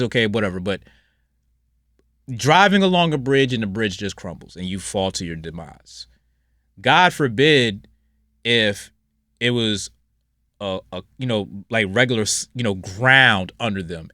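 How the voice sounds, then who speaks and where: A man hosts a casual solo podcast, speaking bluntly and rambling as his voice swings between loud outbursts and low mutters. The sound is studio quality with no echo.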